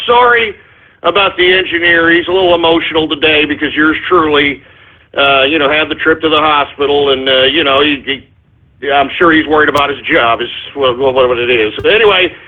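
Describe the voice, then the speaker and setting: A man's voice: fairly high pitch, normal speed. A man hosting his own talk radio show, ranting crudely and getting agitated, with constant "you know" and "all right?" asides. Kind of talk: solo talk radio rant with listener shout-outs. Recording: tinny phone-like line.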